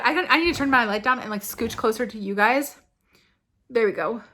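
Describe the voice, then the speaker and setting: Young female vlogger, gushing and gasping, fairly high, bright voice. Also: a little fast. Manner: gushing, gasping, breathless excitement. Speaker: beauty vlogger. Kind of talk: excited unboxing chat.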